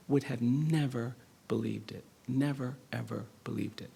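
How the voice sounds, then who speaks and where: Gravelly, husky middle-aged man telling a story. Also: mid-range voice, fairly even intonation, dark tone. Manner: earnest, measured storytelling with rising emphasis. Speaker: law professor and speaker. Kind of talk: public lecture storytelling. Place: lecture hall.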